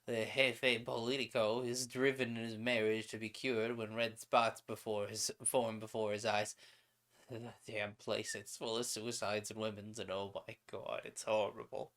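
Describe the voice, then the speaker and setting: A man's voice: fairly low pitch, flat delivery, a little slow, fairly bright tone. Male streamer reading pulp fiction aloud. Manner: reads steadily, then adds casual asides and paraphrases.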